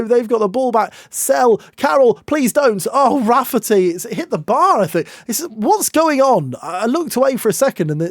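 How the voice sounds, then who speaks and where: Young guy yelling play-by-play on his football sim, highish voice, dead dry sound. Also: no echo. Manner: excitable, mock match commentary with groans and shouts. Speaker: gaming YouTuber. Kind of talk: football management game commentary.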